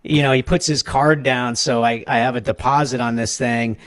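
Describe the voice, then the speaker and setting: A man's voice: mid-range voice, moderate pace. A man in his fifties hosting a casual chat, telling stories animatedly and acting out the people he quotes. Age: 50s. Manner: animated, acts out quoted voices with laughs. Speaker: podcast host.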